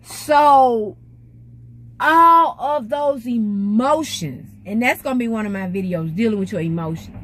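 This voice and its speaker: A woman's voice: fairly high pitch, animated, unhurried, fairly bright tone. A middle-aged woman, giving an emphatic, preacherly faith testimony to her vlog audience. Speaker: vlogger.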